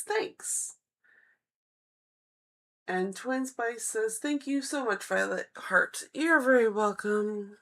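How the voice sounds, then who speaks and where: On a live stream, a woman who reads tarot slowly reads viewers' chat messages aloud and answers each one warmly. Her voice sits in the mid-range and is a little bright.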